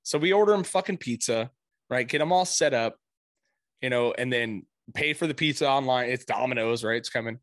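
Talking a little fast in a mid-range voice, a middle-aged man shares a story casually, cursing freely and voicing the people he quotes loudly and animatedly. The audio is studio quality, without echo.

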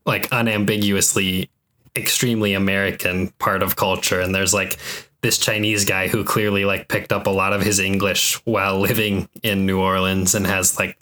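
A man talks loosely on a podcast, wandering through his thoughts with a steady stream of "like" and "you know". His voice sits a bit low and sounds bright. It is relaxed, conversational chat. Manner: rambling, heavy use of "like" fillers. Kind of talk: casual chat.

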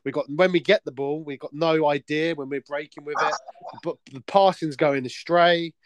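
A man's voice: on the high side, fairly even intonation, moderate pace, crowd noise. A man hosting a casual football chat, blunt and sweary. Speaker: football podcast host.

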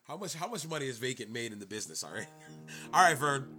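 A man's voice: mid-range voice, sing-song, quick pace, bright, forceful tone, soft background music. A man co-hosting a casual wrestling podcast, joking and rowdy, laughing often. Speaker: podcast co-host.

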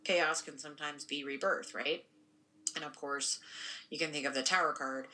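A woman's voice: low voice, fairly even intonation, normal speed, bright, forceful tone, poor audio. A young woman co-hosting a podcast in casual conversation, rambling and tagging her points with "right?". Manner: rambling, frequent "right?" tag questions. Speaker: podcast co-host and spiritual practitioner.

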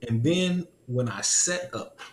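Man telling a story, animated, repeats himself, echoey room, faint background hum. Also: medium pitch, slow. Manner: animated storytelling, laughs often, repeats lines. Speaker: podcast host. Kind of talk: casual testimony chat.

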